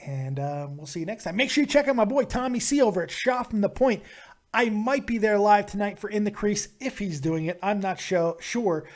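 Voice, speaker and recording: Casting: casual call-in show host, man, higher voice, animated. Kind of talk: live show call-in chat.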